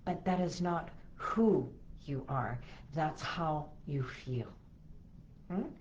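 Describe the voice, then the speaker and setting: A woman hosting a solo wellness podcast, guiding listeners through calming techniques in a soothing, coaching way with emphatic repetitions. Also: deep voice, takes it slowly, dull audio, background noise. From Los Angeles area, USA. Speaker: podcast host.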